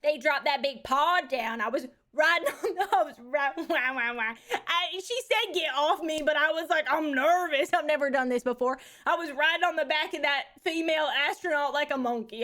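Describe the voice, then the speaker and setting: Woman putting on a texan trucker gal, crude and cheeky, bright high voice, keeps saying baby. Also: normal speed. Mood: rambling. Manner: crude, cheeky drawl, calls everyone baby. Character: brash Texan woman trucker back from space. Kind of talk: live-stream character bit.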